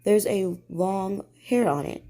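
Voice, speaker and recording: A woman doing a gruff, growling daddy bear. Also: mid-range voice, takes it slowly, dark tone. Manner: growling, grumbling. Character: big gruff male father bear.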